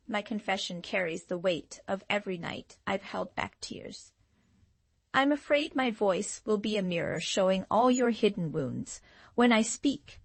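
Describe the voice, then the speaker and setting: Tarot reader lady reading a channeled love msg, slow and dramatic, breathy raspy voice. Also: mid-range voice, no echo. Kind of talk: scripted channeled love message.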